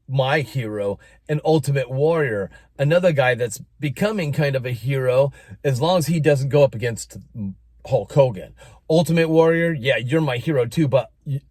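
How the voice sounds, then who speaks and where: A middle-aged American man telling a personal story in a casual monologue, animated and expressive. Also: medium pitch, no room sound. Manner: animated, breaks into announcer-style shouting when quoting.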